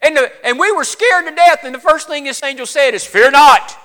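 A man voicing an excited rough shepherd with a Southern accent, stammering and insistent, his voice cracking. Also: very high voice, brisk. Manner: stammering, insistent, shouting at times. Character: excited rough male shepherd, breathless with news.

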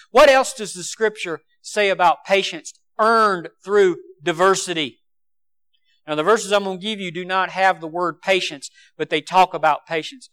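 High-voiced, smooth-toned male preacher. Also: moderate pace. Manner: impassioned, swinging between loud emphasis and quiet asides. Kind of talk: sermon.

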